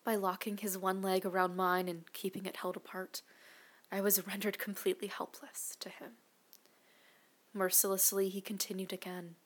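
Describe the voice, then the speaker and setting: A woman narrating an erotic audio story, mostly in a hushed, breathy whisper. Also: medium pitch. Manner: hushed, breathy, intimate delivery.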